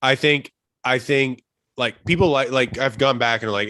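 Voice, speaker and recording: A man co-hosting a podcast in casual chat, animated and swearing, often breaking off mid-sentence. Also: medium pitch, a little slow, no echo. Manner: animated, swearing, self-interrupting. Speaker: podcast co-host.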